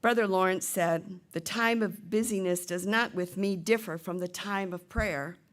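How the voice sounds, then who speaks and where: A middle-aged woman minister preaching a sermon, retelling a play and voicing its characters with lively shifts. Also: medium pitch, normal speed. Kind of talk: sermon with storytelling.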